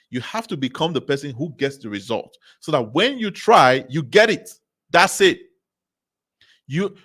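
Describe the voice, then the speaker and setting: A man's voice: a little high, fairly bright tone. A man giving a motivational talk at a business seminar, speaking emphatically, repeating key phrases and asking the audience rhetorical questions.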